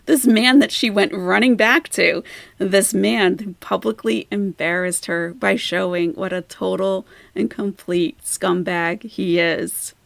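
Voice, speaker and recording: A woman's voice: mid-range voice, fairly even intonation, takes it slowly, creaky, no echo. A woman hosting a reaction commentary, mocking the person in the clips she plays. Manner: scornful, mocking. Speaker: commentary channel host.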